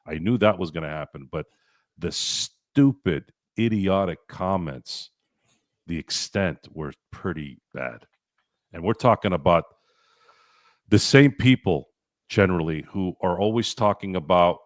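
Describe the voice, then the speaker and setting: A man's voice: low-pitched, a little slow, no echo, studio quality. A man hosting a sports talk show, ranting bluntly and swearing freely. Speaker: podcast host.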